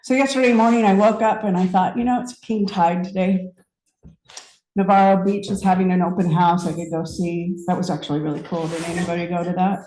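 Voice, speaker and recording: A woman's voice: lowish voice, fairly even intonation, mellow, roomy sound, poor audio. Reflective woman telling a personal story. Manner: conversational, reflective, with pauses and restarts. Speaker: speaker at a spiritual center.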